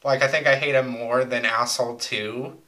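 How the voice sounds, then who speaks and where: Young male co-host, loose and crude storyteller, bright edge to the voice. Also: medium pitch, steady tone, moderate pace, low-quality recording. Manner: rambling, crude, joking storyteller. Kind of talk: casual chat.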